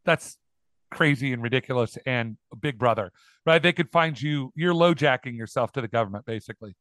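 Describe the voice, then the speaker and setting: A man's voice: mid-range voice, brisk, a bit bright, dry recording. A man co-hosting a podcast, chatting casually with opinionated, mock-indignant remarks. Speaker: podcast co-host. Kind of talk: casual chat.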